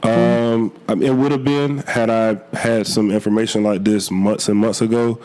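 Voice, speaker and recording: A young man, a college football player, answering interview questions earnestly, a little hoarse from a cold, with many fillers and restarts. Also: fairly low pitch, flat delivery, moderate pace, a little mellow, soft background music. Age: young adult.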